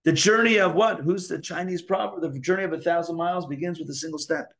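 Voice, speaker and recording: A man's voice: fairly high pitch, fast talker, vocal fry, a bit bright. A man, a rabbi, giving a live Torah class and acting out inner dialogues in shifting voices.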